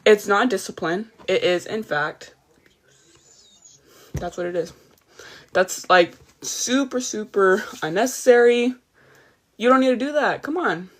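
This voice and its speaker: A woman's voice: medium pitch, a little slow, pauses often. A woman hosting a livestream, tired but heated as she rants emphatically and keeps greeting her chat. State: a little tired. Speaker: livestream host. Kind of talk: casual ranting livestream.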